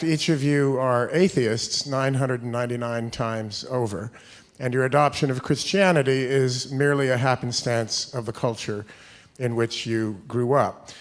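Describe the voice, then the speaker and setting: A man in the audience of a large auditorium, asking the panel a measured, carefully worded question. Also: mid-range voice. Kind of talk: formal question from the floor.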